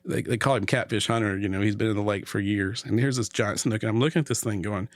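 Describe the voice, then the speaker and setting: A man's voice: lowish voice, fast talker, no echo. A middle-aged man tells a story as a guest on a casual talk show. He throws himself into it and acts out every voice. The sound is dry and close, with little room in it. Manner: animated storyteller, acts out quotes. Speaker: podcast guest.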